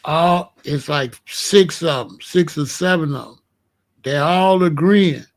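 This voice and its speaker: A man with a fairly high-pitched voice talks straight to the camera. He is blunt and profane. He often sinks into low, quiet tones as he tells tense street stories. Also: slow pace. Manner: drops to low, quiet tones when recounting danger. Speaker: commentary channel host. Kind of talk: casual monologue.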